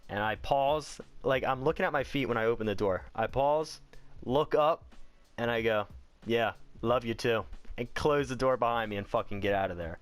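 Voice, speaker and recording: Over soft background music, a young man with a medium-pitched, clear, resonant voice speaks at a normal speed, recorded dry. Telling a personal story in a casual vlog, he rambles candidly, swears a lot, and keeps saying "like."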